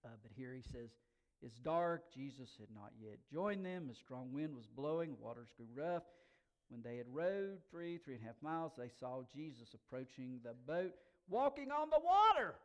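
A male pastor preaching a sermon in a conversational way, swinging from quiet asides to loud, emphatic bursts. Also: mid-range voice, normal speed, lo-fi sound. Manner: conversational, folksy fillers.

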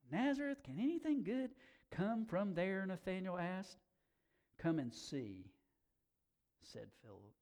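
Folksy preacher, slow drawl. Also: male voice, a little high, darkish tone. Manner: folksy, casual asides like "man" and "you know"; slow-talking, by his own account. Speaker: pastor. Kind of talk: sermon.

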